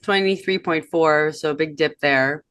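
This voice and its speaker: A woman's voice: sits low, normal speed, fairly bright tone, clear, resonant tone, dry recording, clean studio sound. A woman in her thirties co-hosting a podcast in casual chat, reflective and reading from old notes with many fillers. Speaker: podcast co-host.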